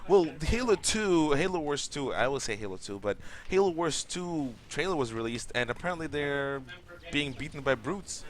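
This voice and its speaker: A man's voice: a little high, lively intonation, moderate pace, hardly any pauses. A young man co-hosting a late-night gaming stream, chatting casually while he plays, rambling and opinionated and swearing freely. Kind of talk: casual gameplay chat.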